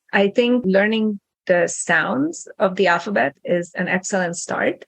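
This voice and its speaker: Casting: woman teacher, gravelly voice, methodical explainer, dry close sound. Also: mid-range voice, no echo. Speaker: guest language teacher. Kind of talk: explaining pronunciation.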